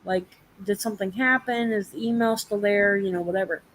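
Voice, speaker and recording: A woman's voice: mid-range voice, brisk, rough recording. A young woman telling a story in a casual live chat, swearing freely and acting out the people she quotes. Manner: profane, animated storytelling.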